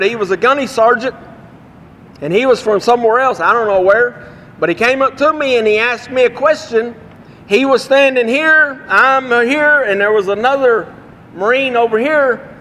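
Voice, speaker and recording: A man from Texas with a Texan accent, preaching a sermon with folksy stories and slowing down to read scripture. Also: extremely high pitch, pushed and bright, in a large hall, a little hiss or hum.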